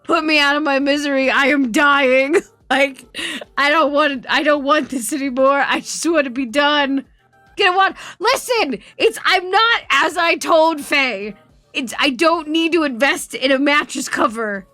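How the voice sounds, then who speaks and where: A woman streamer chatting casually, telling a story in an animated, swearing way and laughing often. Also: high voice, unhurried, no room sound, soft background music. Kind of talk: casual chat.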